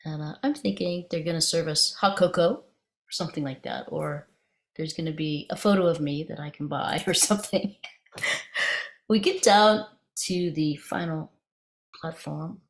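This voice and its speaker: Woman meditation teacher, low register with vocal fry, loose conversational storytelling. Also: normal speed. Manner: conversational, meandering, with frequent restarts. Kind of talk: dharma talk with personal storytelling.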